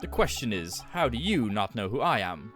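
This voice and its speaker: A man putting on a pompous gentleman from a game, delivered low and drawn out. He is condescending and self-satisfied, with faint music underneath. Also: sing-song. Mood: haughty. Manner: slow, haughty, pompous. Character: pompous dandy English gentleman, haughty and condescending. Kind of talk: reading game dialogue aloud.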